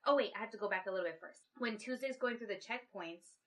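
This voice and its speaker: In casual podcast chat, this co-host rambles through a movie plot recap, voicing the characters' lines herself. She's a woman with a mid-range voice that's fast and a bit bright.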